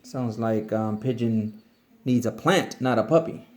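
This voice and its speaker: A man reading a picture book aloud to children and explaining it in a gentle, patient way. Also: medium pitch, a little slow. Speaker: storyteller for children.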